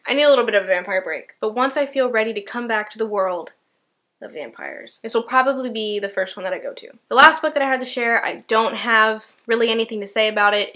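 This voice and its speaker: A woman's voice: medium pitch, pushed and bright. A woman in her twenties chatting casually about books she bought, rambling with lots of "like" and "you know" and the odd swear word. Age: 20s. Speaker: book vlogger. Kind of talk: casual book haul chat.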